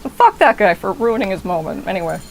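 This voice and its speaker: A young woman streaming a game, talking in a rambling, excitable way and swearing often. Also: medium pitch, fast, gravelly, a little hiss or hum, rough recording. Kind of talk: casual gameplay commentary.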